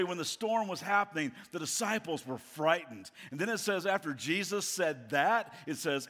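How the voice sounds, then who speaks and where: A middle-aged man preaching a sermon as a guest pastor, telling stories in an animated way with playful asides. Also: a little high, moderate pace, hardly any pauses. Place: church auditorium. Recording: long reverb of a large hall.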